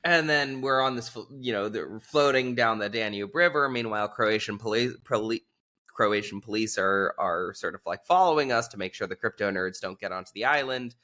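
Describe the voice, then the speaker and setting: A man as an interview guest, telling a rambling, animated story in casual conversation and leaning on lots of filler words. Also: on the low side, normal speed.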